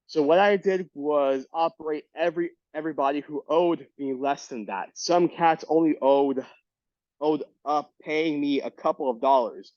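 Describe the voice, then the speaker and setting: A man reading a memoir aloud for a book club, stumbling and restarting words and saying the quote marks out loud. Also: on the high side, moderate pace, dry recording. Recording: dull lo-fi recording.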